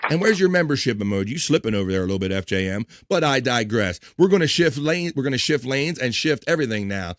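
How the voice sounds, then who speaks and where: A man's voice: medium pitch, animated, fast talker, few pauses. A man hosting a live stream, chatting casually, rambling and joking, and reading out viewers by name. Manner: rambling, jokey, talks to chat by name. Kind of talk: casual chat.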